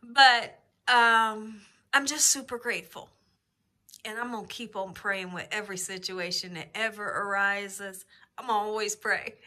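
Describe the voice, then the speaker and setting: In her casual personal vlog at home, a woman who hosts a cooking channel speaks slowly, drawn-out and emotional, with heartfelt sincerity. Her voice is mid-range, bright and forceful, and the camera sits very close to her face.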